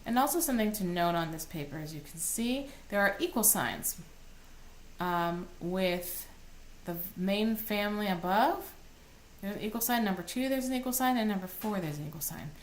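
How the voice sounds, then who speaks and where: Woman, cantor, lesson on chanting, mid-pitched voice, sings short phrases. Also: lively intonation, moderate pace, slight background noise. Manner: explains plainly, breaks into short sung chant phrases. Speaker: cantor teaching Torah chanting. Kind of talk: recorded online lesson.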